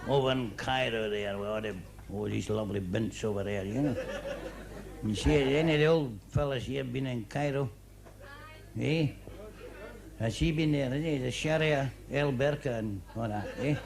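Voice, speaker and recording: A man's voice: mid-range voice, moderate pace, vocal fry. Scottish man in live stand-up patter. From Scotland. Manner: chatty joke-telling patter with "you know" and "eh?" tags. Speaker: comedian. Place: comedy club stage before a live audience. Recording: noisy live club recording with audience laughter.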